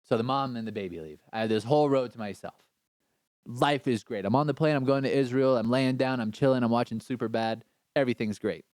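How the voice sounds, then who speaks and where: A man telling a story as a podcast guest, animated and slangy, swearing freely. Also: medium pitch, fairly quick, no echo. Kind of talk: casual storytelling.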